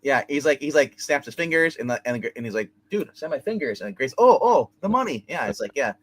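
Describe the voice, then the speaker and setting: A man's voice: medium pitch, fast, no echo. Rambling man recapping a TV episode. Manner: rambling, animated retelling with acted quotes and swearing. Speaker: show host reviewing a TV episode. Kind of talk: casual recap chat.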